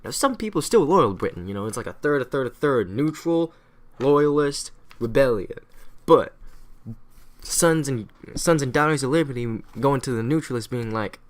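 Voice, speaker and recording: A man's voice: medium pitch, expressive, fairly quick. A man giving a casual, irreverent history recap, swearing freely and rambling off on tangents. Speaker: history explainer.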